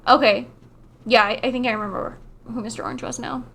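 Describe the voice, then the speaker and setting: A woman's voice: fairly high pitch, steady tone, quick pace, a bit bright, a little hiss or hum. A woman co-hosting a casual gaming stream, reading chat aloud, laughing often and swearing freely.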